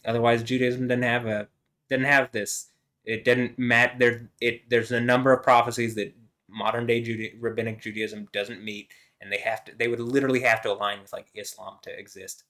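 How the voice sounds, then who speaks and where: A man's voice: mid-range voice, level tone, a little fast, a bit bright. A man talking by himself in a loose, rambling monologue. He swears freely and meanders between thoughts, with plenty of fillers and restarts. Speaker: vlogger.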